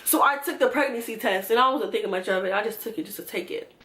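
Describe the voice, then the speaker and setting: A young woman telling a storytime vlog, animated and swearing freely as she acts out what people said. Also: a little high, quick pace, roomy sound. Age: young adult. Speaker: vlogger.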